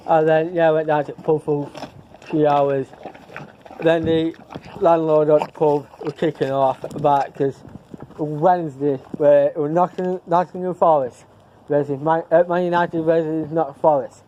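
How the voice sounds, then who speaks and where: A man's voice: fairly high pitch, fairly even intonation, normal speed, highs cut off, a little hiss or hum. A man chatting casually to camera in a vlog, rambling and repeating himself as he loses his thread. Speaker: vlogger.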